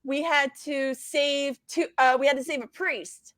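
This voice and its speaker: High-pitched woman guest, chatty and animated, cusses a lot, dry close sound. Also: unhurried, no echo. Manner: animated, swears freely, laughs between lines. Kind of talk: casual storytelling.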